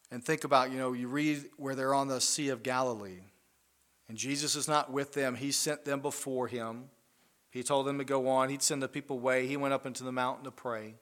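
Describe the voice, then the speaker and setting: A man preaching a sermon in an earnest way, swelling loud on key lines and dropping soft and low after them.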